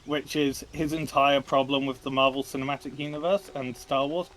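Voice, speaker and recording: A man's voice: medium pitch, fairly even intonation, moderate pace, fairly bright tone. A man playing a game on stream, chatting casually with dry, opinionated jokes. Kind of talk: casual gaming stream chat.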